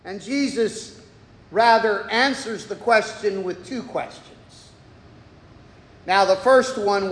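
High-pitched preacher in an echoey hall. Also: male voice, slow pace. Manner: animated, rhetorical, voices imagined listeners. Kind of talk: sermon. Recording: echoey hall, far from mic.

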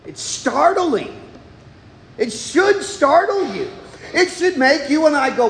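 High-pitched preacher in an echoey hall. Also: male voice, slow pace, creaky, slight background noise. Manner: animated, rhetorical, voices imagined listeners. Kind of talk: sermon. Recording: echoey hall, far from mic.

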